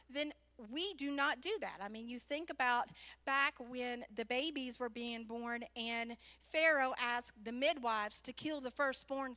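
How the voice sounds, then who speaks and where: A woman speaking at a church, a pastor's wife telling an animated personal story within a sermon. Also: high voice.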